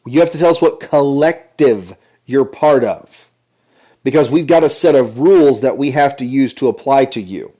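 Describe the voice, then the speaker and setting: A man's voice: mid-range voice, expressive, normal speed, warm tone. A man giving an indignant, sarcastic ranting commentary. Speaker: commentary vlogger.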